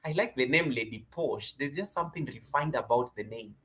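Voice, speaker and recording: A man hosting a casual live stream from home, greeting viewers by name with lively energy. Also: mid-range voice, a little fast. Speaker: livestream host.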